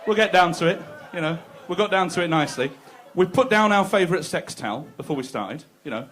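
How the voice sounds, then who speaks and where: A man's voice: fairly high pitch, a little hiss or hum. A man doing a crude, conversational stand-up set, teasing the crowd. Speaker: stand-up comedian. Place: comedy club stage.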